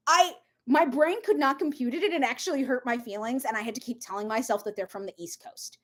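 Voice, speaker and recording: A high-pitched woman chats through a tarot reading on a casual livestream. She rambles freely and keeps jumping into side stories, animated and talkative. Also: brisk, hardly any pauses. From Minnesota. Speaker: tarot reader.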